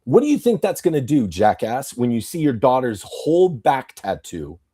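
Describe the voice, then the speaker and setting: A man's voice: medium pitch, very animated, normal speed, dark tone. A man hosting a podcast, ranting angrily and profanely in an emphatic monologue. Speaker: podcast host.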